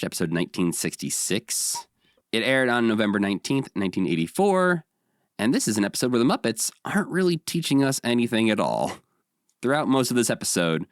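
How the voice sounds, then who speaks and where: Very deep-voiced man co-hosting a podcast. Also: dry recording, clean studio sound. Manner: easygoing, laughs often. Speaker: podcast co-host. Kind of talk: casual chat recapping episodes.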